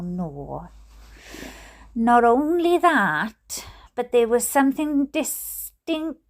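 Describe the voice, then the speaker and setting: A Welsh woman reading a book aloud in an expressive, playful way. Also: on the high side. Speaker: storyteller.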